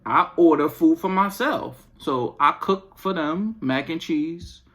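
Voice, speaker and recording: A podcast host and parent who talks in loose, slangy asides. They mumble along in a middling pitch, then burst out loud and animated when the complaints heat up. The monologue is comedic venting. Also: slow. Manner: casual slangy speech. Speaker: parent of young children and an eleven-year-old.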